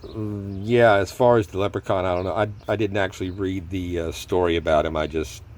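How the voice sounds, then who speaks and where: Man, low-pitched, casual rambling hobby host who keeps correcting himself. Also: fairly even intonation, fairly quick, darkish tone. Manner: rambling, self-correcting, chuckles often. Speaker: gold prospecting hobby host. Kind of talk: casual chat. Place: table at home.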